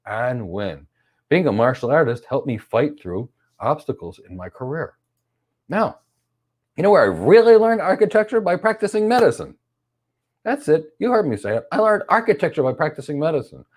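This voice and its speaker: A man's voice: medium pitch, a little mellow. A middle-aged man hosting a live stream career talk, emphatic and repeating his key phrases. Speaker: host.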